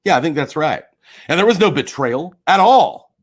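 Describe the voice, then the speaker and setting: A man's voice: fairly high pitch, animated, moderate pace. Furious swearing man ranting on stream. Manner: angry, swearing, swings between quiet and shouting. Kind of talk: heated livestream rant.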